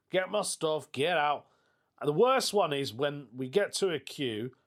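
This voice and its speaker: A British man hosting a casual solo podcast, chatty and jokey, laughing often. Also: medium pitch. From United Kingdom. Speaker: podcast host.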